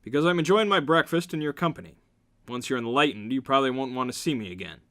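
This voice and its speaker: A man reading aloud and voicing a smug, controlling rich businessman in a low, teasing, drawn-out way. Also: expressive, a bit bright. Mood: insistent.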